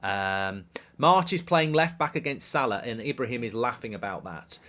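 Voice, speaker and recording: A man's voice: mid-range voice, animated, moderate pace, sharp tone. Rambling middle-aged man. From England. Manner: rambling, swears, reads out viewer messages. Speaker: host. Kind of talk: live football watchalong commentary.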